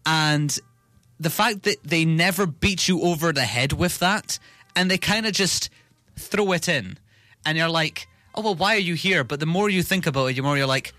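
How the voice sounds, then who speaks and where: A man's voice: a little high, moderate pace, bright, forceful tone, dry recording. A man chatting enthusiastically about a film, rambling with restarts. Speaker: film podcast co-host. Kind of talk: casual film review chat.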